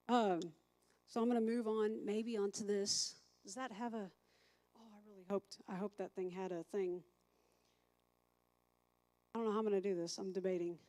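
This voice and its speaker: A woman's voice: medium pitch, steady tone, moderate pace, long pauses, a little mellow. A woman teaching a recovery class as a sponsor, chatty, thinking aloud and asking the group questions.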